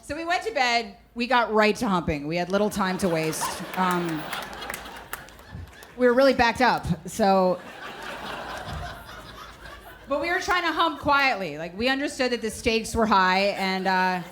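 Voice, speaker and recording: A woman doing stand-up comedy with brash, deadpan storytelling on a club stage mic. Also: mid-range voice, unhurried, long pauses. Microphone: handheld stage mic. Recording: noisy live stage recording. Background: audience laughter.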